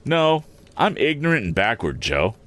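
A man's voice: mid-range voice, sing-song, moderate pace, fairly bright tone, voice pushed up. A man voicing a timid, ashamed young boy who talks in a pleading, hesitant way. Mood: humble.

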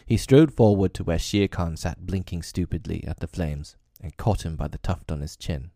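A man narrating a classic story for his own podcast, measured, a little hesitant when speaking off-script. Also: sits low, dark tone, dry recording, studio quality.

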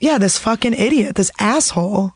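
A woman guest on a podcast, telling a story in a blunt, profane, animated way. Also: mid-range voice, normal speed, husky, dry recording, clean studio sound. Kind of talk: casual chat.

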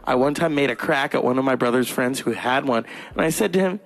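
A young man from California doing crude, profane stand-up storytelling, putting on shrill voices for other people. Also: a little fast. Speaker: stand-up comedian. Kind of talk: stand-up monologue.

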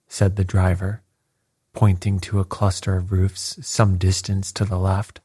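A man narrating a story in a slow, measured way, with a husky voice. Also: low-pitched, flat delivery, warm tone, dry recording, clean studio sound. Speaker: audiobook narrator. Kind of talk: scripted narration.

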